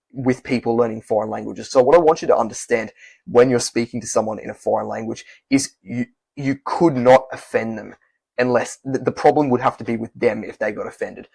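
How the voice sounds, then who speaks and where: A man's voice: mid-range voice, a little fast, gravelly, a little mellow, breathy edge, dry recording. A young man from Australia, giving casual, candid advice to camera in a rambling way with frequent self-corrections. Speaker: language learning YouTuber.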